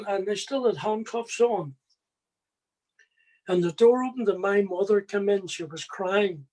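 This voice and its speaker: Slow, earnest man storyteller. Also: high voice, darkish tone, rough recording. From Northern Ireland. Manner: earnest storyteller, addresses listeners directly. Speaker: former prisoner giving testimony. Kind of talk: personal life story testimony.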